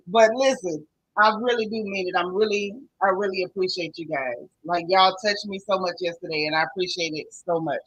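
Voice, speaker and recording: Bright-voiced woman livestream host. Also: fairly low pitch, fairly quick, husky. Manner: greets viewers one by one with pet names like girl, sis and boo. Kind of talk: casual livestream chat.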